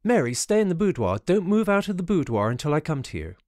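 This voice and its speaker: A man voicing a frightened but brave young gentleman in an audiobook ghost story, calling out urgently or speaking in low, breathless whispers. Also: big pitch swings, fast, dry recording, clean studio sound. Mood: urgent shouting.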